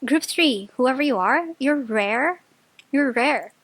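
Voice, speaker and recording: A woman giving a casual pick-a-card tarot reading, chatty and excitable, often bursting into delighted laughter and restarting her sentences. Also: high-pitched, slow pace, dry recording. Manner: chatty, full of filler words and restarts. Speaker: tarot reader.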